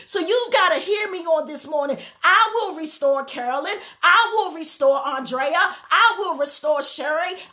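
Fervent high-voiced woman preacher. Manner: fervent, rising to shouts and tearful emphasis; slow, deliberate scripture reading. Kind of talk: sermon.

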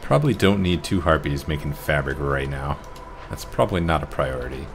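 Deep-voiced man muttering over gameplay. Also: animated, brisk, gravelly, background noise. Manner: muttering to himself, wry and self-mocking. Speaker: gameplay commentator. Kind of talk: casual let's-play commentary.

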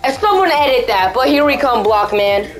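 Excitable woman yelling at a game. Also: a little high, normal speed, poor audio. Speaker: gamer. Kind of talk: let's play commentary. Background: game music.

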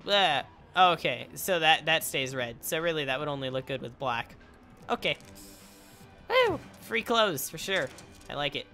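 A man hosting a let's play video, chatting to himself as he plays, with sudden excited yelps and cheers. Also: a little high, moderate pace, faint music behind. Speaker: gaming channel host.

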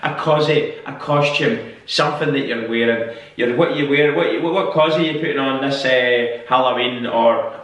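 A man's voice: medium pitch, normal speed, fairly bright tone. A Scottish man hosting a casual vlog, chatting loosely, repeating phrases and laughing at himself. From Scotland. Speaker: YouTube host. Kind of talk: casual reaction vlog, guessing slang. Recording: very echoey room, mic far off.

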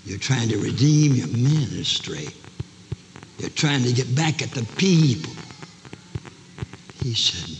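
An older man preaching a dramatic sermon to a large camp meeting, acting out each character's voice, shouting one moment and whispering the next. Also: mid-range voice, sing-song, takes it slowly, long pauses. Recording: live sermon recording, long hall reverb, faint noise.

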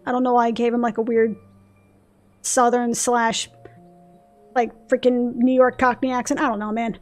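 High-voiced sarcastic woman gamer. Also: little pitch movement, normal speed, pauses often. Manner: sarcastic, swears, mock-reads game dialogue. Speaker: let's play gamer. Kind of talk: casual gameplay commentary. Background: faint game music.

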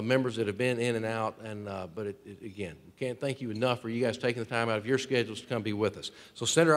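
A man hosting a luncheon, casually introducing guests with lots of fillers and restarts. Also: medium pitch. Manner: casual, rambling with frequent fillers. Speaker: event host. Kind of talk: emcee introductions. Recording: long hall reverb.

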